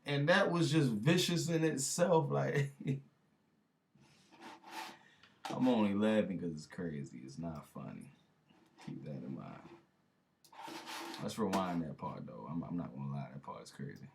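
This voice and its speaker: Low-voiced man with lively pitch swings. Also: unhurried, vocal fry, pauses often, a little hiss or hum. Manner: incredulous, laughing, slangy, addresses viewers. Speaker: reaction video host. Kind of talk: casual reaction commentary.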